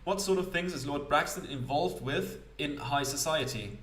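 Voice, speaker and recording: A man's voice: on the high side, normal speed, a bit bright, roomy sound, distant mic, lightly acted. A man voicing a wry British heroine. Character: sharp-tongued young woman investigator.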